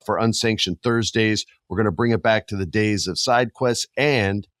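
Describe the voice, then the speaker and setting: A middle-aged man hosting a casual podcast, animated and jokey, often jumping his pitch for emphasis. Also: normal speed, dry recording, clean studio sound. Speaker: podcast host.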